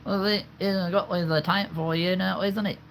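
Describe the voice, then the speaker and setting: A man voicing a gruff British tough guy in a put-on British accent, blustery and challenging. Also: sits high, fairly even intonation, moderate pace, a bit bright, slight background noise, voice pushed up. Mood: confrontational.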